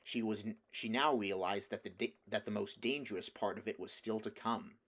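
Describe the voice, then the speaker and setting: A man narrating a children's fantasy novel aloud in a steady, measured reading voice, now and then restarting a phrase. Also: lowish voice. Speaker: audiobook reader. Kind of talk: storybook narration.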